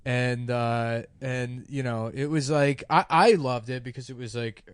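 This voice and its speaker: A man's voice: mid-range voice, steady tone, unhurried, clear, resonant tone, no echo, clean studio sound. A man co-hosting a comedy podcast, telling rambling stories full of fillers and bursts of laughter. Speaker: podcast co-host. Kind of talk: crude comedy podcast banter.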